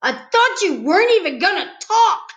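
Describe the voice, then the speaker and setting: A woman plays a grumpy little schoolboy, high-voiced and loud, hollering in a sulky way. He sounds upset and grouchy. The recording is slightly dull. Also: expressive, a little slow, full character voice. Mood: angry. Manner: shouting, sulky.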